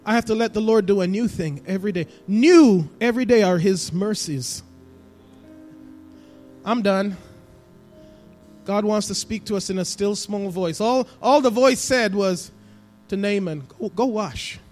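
Male pastor, high-pitched, church sermon with dramatic hushes and swells, faint music behind. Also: unhurried, pauses often. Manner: preaching with swings between hushed and emphatic delivery. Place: church sanctuary.

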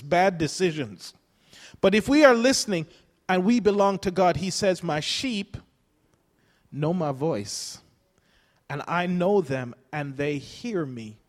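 A man with a fairly high voice preaches a loose, storytelling sermon, chuckling often as he talks. His voice rings out with the long reverb of a church hall. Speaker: pastor. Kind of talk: conversational sermon.

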